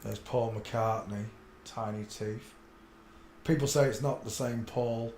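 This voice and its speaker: A man hosting a solo livestream, talking to himself in a blunt, crude way and swinging from low muttering to loud excited outbursts. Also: takes it slowly, reverberant, a little hiss or hum. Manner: mutters under his breath, then bursts out loud and excited; blunt and crude, talks to himself while searching images. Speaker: livestream host. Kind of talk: rambling solo livestream commentary.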